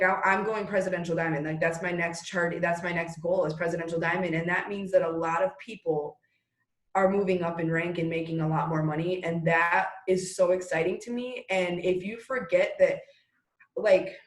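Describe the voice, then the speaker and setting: A woman's voice: on the low side, fairly even intonation, normal speed. A woman talking business motivation as a guest, rambling and restarting her sentences as she speaks straight to the listeners. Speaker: network marketing leader guest. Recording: roomy echo.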